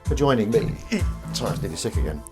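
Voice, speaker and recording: A man's voice: lowish voice, expressive, rapid-fire, music in the background. A man hosting a live stream, chatting casually and rambling playfully with wordplay.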